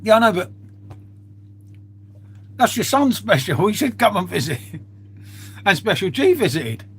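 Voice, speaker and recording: A man's voice: sits high, sing-song, a little slow, a bit bright, slightly rough. A middle-aged man, chatting casually to viewers on his live stream, swearing freely and calling them mate.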